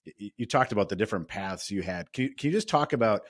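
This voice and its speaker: Fast-talking low-voiced male podcast host. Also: animated, no room sound, studio quality. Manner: quick, hedging with fillers. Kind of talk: interview questions.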